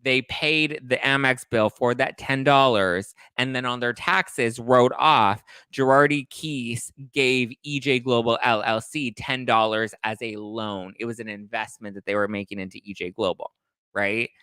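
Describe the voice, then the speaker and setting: A young man hosts a casual gossip livestream from home, chatty and animated, breaking into high-pitched exclamations. His voice is bright and crisp. The sound is dry and close. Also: measured pace, dry recording. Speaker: livestream host reading chat. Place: home in a city apartment.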